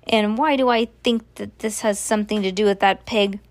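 A woman's voice: mid-range voice, steady tone, normal speed, close to an everyday voice. A woman doing stern bossy Eugenia. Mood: indignant. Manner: disapproving, clipped exclamations.

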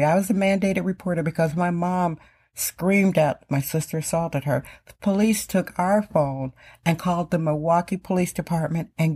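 Middle-aged woman podcasting solo, low-ish voice, hammers points by saying them twice. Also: warm tone, slightly rough. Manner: emphatic, repeats phrases for stress. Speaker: podcast host. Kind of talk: casual podcast monologue.

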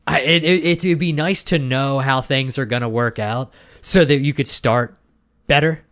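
Podcast co-host, male, mid-pitched, rambling, filler-heavy, swears casually. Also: normal speed, fairly bright tone. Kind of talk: casual chat.

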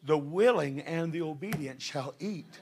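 Middle-aged male preacher, high-pitched and gravelly, fervent. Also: measured pace. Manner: fervent, building to shouted passages. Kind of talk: sermon.

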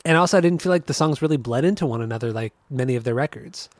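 A man co-hosting a podcast in casual chat, easygoing and quick to laugh, with hesitant restarts. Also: mid-range voice, dry recording. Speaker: podcast co-host.

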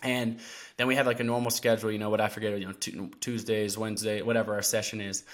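A man as a podcast guest, telling a story in casual talk, animated and full of "like" fillers. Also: fairly low pitch, fast talker. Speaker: podcast guest, endurance athlete.

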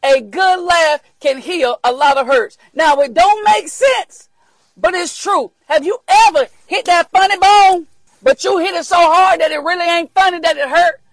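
An older woman delivers a preaching motivational talk in a very high, gravelly voice. She is emphatic, repeats her points and often breaks into shouts. The sound is dry and close. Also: moderate pace, no echo, low-quality recording. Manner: emphatic, repetitive, bursts into shouting.

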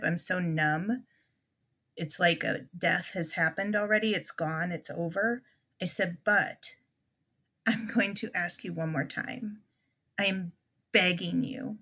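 A woman's voice: lowish voice, gravelly, a bit bright. A middle-aged woman, a podcast guest, telling an emotional personal story with many restarts and quoted conversations.

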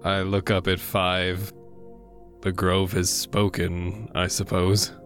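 A man playing a tabletop game, speaking in character in a calm, reflective way. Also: deep voice, slow, soft background music. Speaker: player.

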